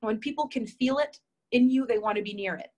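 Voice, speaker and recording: A woman's voice: on the high side, brisk. A woman coaching a group call, encouraging her listeners and reading out their comments. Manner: warm, encouraging, reads out members' comments. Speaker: relationship coach.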